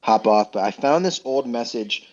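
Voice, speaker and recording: A man's voice: medium pitch, normal speed, lo-fi sound. A young man, a podcast guest, telling stories in casual chat, rambling and self-amused with lots of fillers and restarts.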